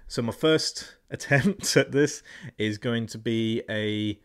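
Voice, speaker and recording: A man's voice: mid-range voice, a bit bright, smooth. An English man hosting a gaming channel, chatting casually in a self-deprecating way about a product. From England. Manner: chatty, self-deprecating, laughing between remarks. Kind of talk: casual product review chat.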